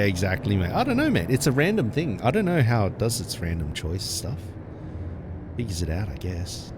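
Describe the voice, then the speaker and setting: A man's voice: on the low side, background noise. A young man chatting casually on a live gaming stream, laughing often as he plays. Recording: game music playing behind.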